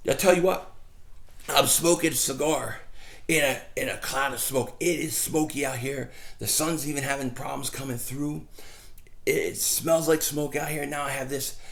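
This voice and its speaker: A middle-aged man talking casually outdoors as a fan vlogger, rambling and animated as he tells stories and mocks people. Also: mid-range voice, normal speed, vocal fry. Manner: rambling, animated storytelling with mocking impressions. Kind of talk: casual outdoor vlog rant.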